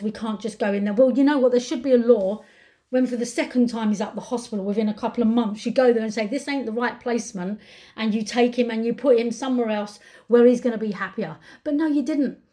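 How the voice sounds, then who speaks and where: A woman's voice: a little high, a little mellow. Upset, ranting British woman vlogger. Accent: British English. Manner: upset, angry ranting with repeated words. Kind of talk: emotional commentary to camera.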